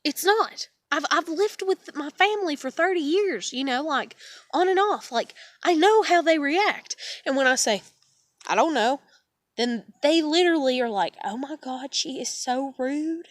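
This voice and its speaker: High-voiced frustrated woman venting. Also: animated, normal speed, no echo, studio quality. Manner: swearing, exasperated, trailing off into weary sighs. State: upset and stressed. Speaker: vlogger. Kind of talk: frustrated personal vent to camera.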